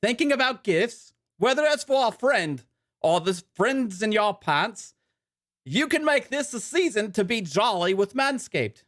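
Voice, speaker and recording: A man's voice: high voice, sing-song, unhurried, fairly bright tone, pitched above the performer's own voice, heavily acted. A man voicing a cheerful mock-British ad announcer, his put-on accent slipping into Australian. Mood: jolly salesy. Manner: overly cheerful ad read, breaks into laughter. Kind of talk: comic sponsor read.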